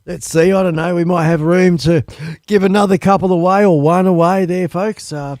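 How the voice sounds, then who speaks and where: A man's voice: sits high, steady tone, moderate pace, darkish tone, dry recording, studio quality. A man hosting a live stream, chatting casually and rambling with lots of ums and uhs. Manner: easygoing, swears casually.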